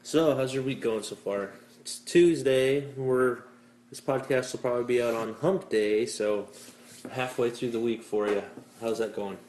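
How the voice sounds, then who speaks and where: A man's voice: mid-range voice, measured pace, darkish tone. Cynical young man hosting a podcast. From Canada. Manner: cynical, self-deprecating, rambling with fillers. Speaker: podcast host. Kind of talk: casual chat. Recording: echoey room, faint hiss.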